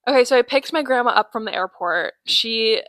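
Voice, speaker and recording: A woman's voice: on the high side, a little fast, dry recording, poor audio. A nineteen-year-old woman co-hosting a podcast, telling funny stories in casual chat and acting out the people she quotes. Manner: animated storyteller acting out quoted voices. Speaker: podcast co-host.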